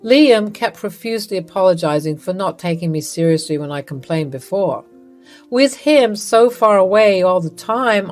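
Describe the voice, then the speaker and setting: A woman narrating a first-person drama story in an even, matter-of-fact way. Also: on the low side.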